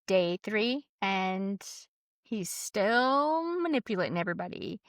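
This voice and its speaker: Podcast host, woman, mid-pitched, chatty storyteller, dry close mic, quick asides. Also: lively intonation, dry recording. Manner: chatty, lots of "like", quotes people in quick asides. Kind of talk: casual storytelling chat.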